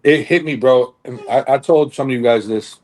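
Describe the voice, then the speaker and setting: A man's voice: medium pitch, normal speed, a little mellow. Young man rambling through a story. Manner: rambling storytelling full of fillers and swearing. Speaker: podcast co-host, bodybuilder. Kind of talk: casual chat.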